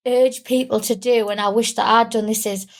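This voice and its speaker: A young woman from England, tearful, talking candidly and haltingly with small giggles in an interview. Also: fairly high pitch, steady tone. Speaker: guest. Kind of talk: emotional interview.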